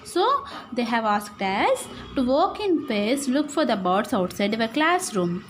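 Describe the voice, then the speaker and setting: A woman teacher with an Indian English accent, slowly explaining syllables to young pupils and often checking that they follow. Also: fairly high pitch, very animated, a little hiss or hum. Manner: slow, repetitive, checks understanding with "right?" and "okay". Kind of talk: classroom lesson, explaining syllables.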